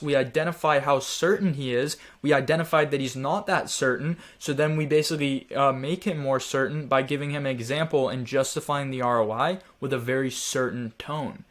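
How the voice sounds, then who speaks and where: A man's voice: medium pitch, fairly bright tone. A man teaching a sales training lesson in a direct, coaching manner, urging his listeners on.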